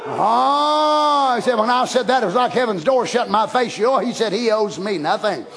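A man preaching a sermon in a folksy, animated way, breaking into shouted passages. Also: very high voice, moderate pace, a faint crowd. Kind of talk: Pentecostal-style sermon.

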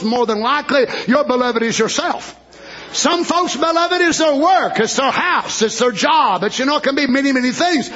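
A man preaching a sermon with fervor, climbing into shouted, rhythmic declarations and acting out voices of people in the story. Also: highs cut off. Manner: high, bright preaching voice, rising to shouted fervor.

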